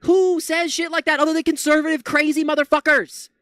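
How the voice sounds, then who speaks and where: A man's voice: extremely high pitch, level tone, fairly quick, fairly bright tone, dry recording. A man streaming a political reaction, ranting heatedly with lots of swearing into a close mic. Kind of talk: livestream reaction rant.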